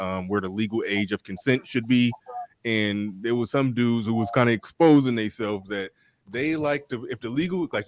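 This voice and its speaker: A man hosting a casual live panel chat, animated, often repeating himself to take the floor. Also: lowish voice, no echo. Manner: animated, keeps repeating "hold on" and "listen". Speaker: live panel show host.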